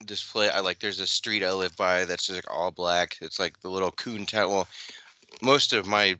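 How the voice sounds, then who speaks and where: A man's voice: sits low, steady tone, normal speed, pushed and bright, no room sound. A man co-hosting a casual podcast, telling rambling stories packed with filler words and laughter. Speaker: podcast co-host. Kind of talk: casual crude chat.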